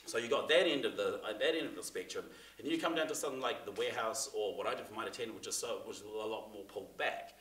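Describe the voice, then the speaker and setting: Bright, chatty New man. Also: fairly low pitch, quick pace, few pauses. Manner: chatty, many fillers and restarts. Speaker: seminar presenter. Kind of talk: casual talk to a class. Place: theatre room. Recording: echoey room, mic from far off.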